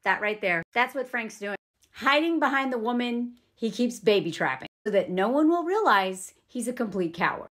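A woman's voice: on the high side, animated, moderate pace, a bit bright. A woman voicing a blunt man who taunts his neighbor. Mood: mocking. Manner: taunting, sarcastic. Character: blunt, mocking male neighbor.

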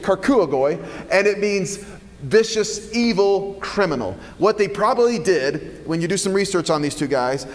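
A pastor preaching a sermon in a church, earnest and emphatic with dramatic pauses. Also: male voice, high-pitched, expressive, in a large hall. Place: church sanctuary.

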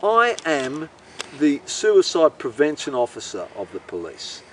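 A man's voice: fairly high pitch, big pitch swings, measured pace, fairly bright tone, distant mic, a little hiss or hum, poor audio. A man with an Australian accent telling a meandering, profane, incredulous comic story. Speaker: host. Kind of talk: rambling comic monologue.

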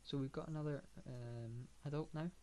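A man's voice: medium pitch, fairly even intonation, normal speed, mellow, slight background noise. A man giving casual gameplay commentary, thinking aloud with lots of fillers and dry, sarcastic asides. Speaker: gamer.

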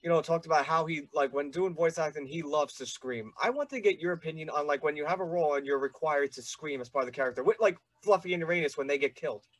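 A young man hosting a casual interview, asking long, rambling questions with stammering restarts and a steady stream of fillers. His voice is a little higher than most men's and sounds dry and close to the mic. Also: fast, hardly any pauses, dry recording. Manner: rambling, full of "like" and "you know", stammering restarts. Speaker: podcast host.

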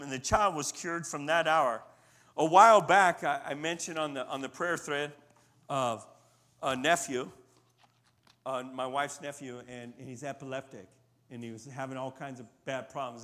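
Folksy, slightly high-voiced man preaching. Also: normal speed, pushed and bright. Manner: conversational, folksy preaching with call-and-response. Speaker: lay preacher. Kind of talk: sermon and closing prayer.

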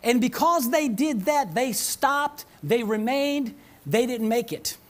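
A woman pastor delivers a sermon to her church with a lively voice that swoops up and down. She presses her points by repeating them and keeps asking the congregation whether they are hearing her. Now and then she lightens things with a chuckle and a playful aside. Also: fairly high pitch, takes it slowly. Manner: emphatic, repeats phrases, calls out to the congregation. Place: church service.

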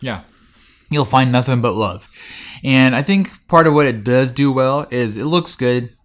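A man's voice: mid-range voice, unhurried. A man hosting a podcast, recapping a TV show in a rambling casual chat full of fillers and restarts. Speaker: podcast host.

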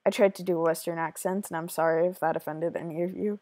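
A woman's voice: on the low side, steady tone, mellow, no echo. Chatty woman narrating her gameplay. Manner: chatty, apologetic, halting with fillers. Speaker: gaming video creator. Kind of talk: casual game commentary.

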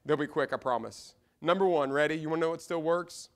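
A male pastor with a Midwestern American accent and a notably high voice delivers a sermon. He drives points home with loud, emphatic repetitions, then drops to quiet, intimate asides. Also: fairly quick. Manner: impassioned, swings between loud emphatic repeats and hushed asides. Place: church sanctuary.

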